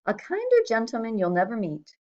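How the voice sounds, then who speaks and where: A woman's voice: fairly high pitch, wildly swooping pitch, a little fast, highs cut off, pitched above the performer's own voice. A woman voicing a stern, proud older housekeeper who talks sharply and bossily. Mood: lecturing. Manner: sharp, scolding, bossy.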